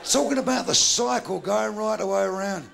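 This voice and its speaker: An older man telling bawdy jokes in live stand-up, with gravelly punchy delivery and shouted punchlines. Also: high voice, normal speed. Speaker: stand-up comedian. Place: live comedy venue with audience.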